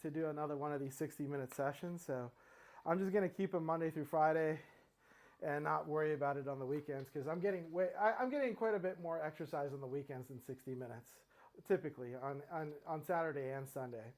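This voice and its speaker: A man's voice: on the high side, brisk. Chatty middle-aged man, slightly winded. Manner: rambling, lots of fillers and restarts. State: a little out of breath. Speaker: fitness vlogger. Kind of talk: casual talk while exercising.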